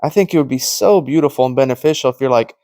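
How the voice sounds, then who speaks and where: A man's voice: medium pitch, fast talker, mellow, no echo. A man giving an informal, earnest preaching monologue, telling stories and acting out the conversations he quotes. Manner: storytelling that acts out quoted conversations. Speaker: Christian teacher.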